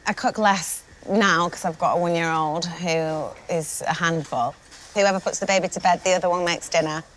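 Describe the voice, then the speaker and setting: A woman's voice: fairly low pitch, fairly even intonation, moderate pace, a bit bright, slight background noise, low-quality recording. A woman competing in a cooking contest, chatting in a casual, self-deprecating way. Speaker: celebrity contestant. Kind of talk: casual interview chat.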